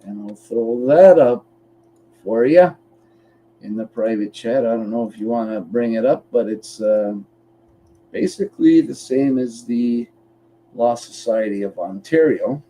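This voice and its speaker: A man's voice: mid-range voice, expressive, unhurried, dark tone, a little hiss or hum. A man from Canada co-hosting a podcast, chatting casually and bluntly, swearing freely while walking through a website step by step. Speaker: podcast co-host. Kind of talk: casual chat.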